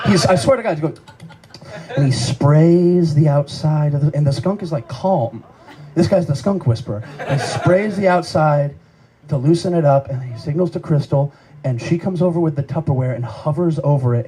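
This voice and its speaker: High, animated man telling a stand-up story. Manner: profane, animated, laughing through the story. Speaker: stand-up comedian.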